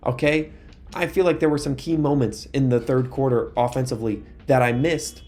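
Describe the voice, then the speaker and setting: Excitable young man commenting on gameplay. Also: medium pitch, moderate pace, faint music behind. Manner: excitable, exasperated outbursts at the game. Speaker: gaming YouTuber.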